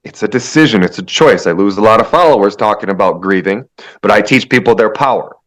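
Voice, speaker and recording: A man's voice: on the low side, animated, fast talker, fairly bright tone. A man speaking as a shaman guest in an interview, emphatic and preachy, often restarting his sentences. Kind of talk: spiritual interview talk.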